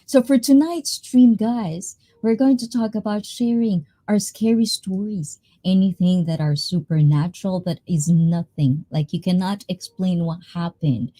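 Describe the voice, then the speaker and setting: Filipino woman, livestream host, bubbly and laughing, unhurried talk, mellow low-ish voice. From Philippines. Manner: bubbly, laughs often between lines. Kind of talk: casual livestream chat.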